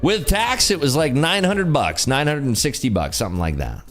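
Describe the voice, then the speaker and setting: A man's voice: medium pitch, sing-song, moderate pace, a bit bright, soft background music. A tired man hosting a day-trading livestream, joking and reading chat aloud in casual talk.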